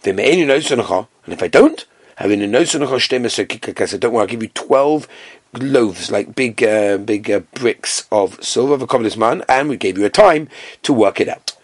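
Animated man teaching Talmud with Yeshivish Ashkenazi Hebrew pronunciation. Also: normal speed, husky, no room sound, clean studio sound. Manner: animated storytelling, acting out characters with big jumps in pitch. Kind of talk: Talmud class, reading Aramaic and translating.

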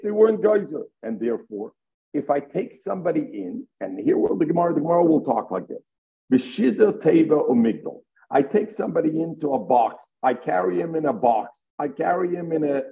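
A man's voice: mid-range voice, creaky. A man giving a Talmud lesson, explaining step by step and weaving Hebrew and Aramaic terms into his English. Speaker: Talmud teacher. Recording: tinny phone-line audio.

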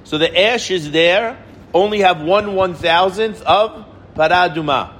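A middle-aged man leads an informal Torah lesson in a fairly high voice. He is animated, asks questions and answers them himself, and hammers home words by repeating them. A faint background hum sits under the voice. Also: measured pace. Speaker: rabbi teaching the weekly Torah portion.

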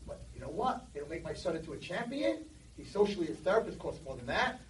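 A man playing a calm, doting dad. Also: on the high side, fast, slight background noise. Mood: calmly reassuring. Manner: calm, reassuring. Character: patient, doting father of a troubled boy. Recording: echoey hall from far off.

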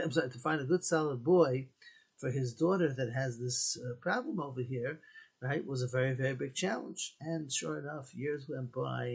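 A man speaks as a rabbi, and his voice has a husky, breathy grain. He tells a story in an earnest way, restarts his sentences often and mixes in Hebrew and Yiddish words. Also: medium pitch, darkish tone, low-quality recording. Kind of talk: Torah talk with a story.

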